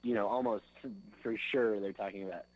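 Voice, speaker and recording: A man with a slightly low voice talks casually as a drummer in an interview. He rambles and leans on fillers. Now and then he sings grooves with his mouth to show how they go. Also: fairly even intonation, fairly quick, darkish tone, rough recording. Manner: loose and rambling, fills with "like" and "you know".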